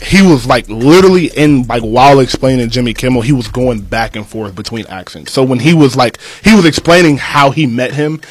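A man's voice: medium pitch, a little fast, few pauses, husky, no echo. A young man in casual chat, talking loosely in slang and often laughing. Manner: laid-back slang, frequent laughs.

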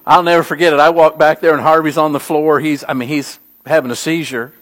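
A middle-aged man preaches a sermon in a fairly high voice. He tells stories with animation and pushes his key lines to emphatic peaks. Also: little pitch movement, brisk. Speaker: pastor.

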